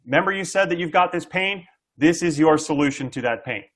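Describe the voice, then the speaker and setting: With an expressive, a little high voice and a slightly fast pace, a middle-aged SaaS sales coach speaks as a guest. He energetically explains sales tactics to the interviewer, performing buyer dialogue and often asking "okay?".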